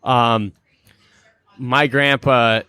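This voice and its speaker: A man in his thirties from Minnesota, speaking with a Minnesotan accent, appears as a guest: he's a pro hockey player telling stories in a casual chat. His voice sits at medium pitch with drawn-out words and a clean tone, with no room sound. He's an animated storyteller who acts out the people he quotes.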